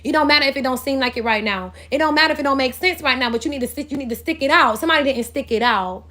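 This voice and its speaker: A spiritual reader with a high, bright, forceful voice races through a casual astrology reading. She's blunt, profane, and rambling, as though relaying messages from spirits.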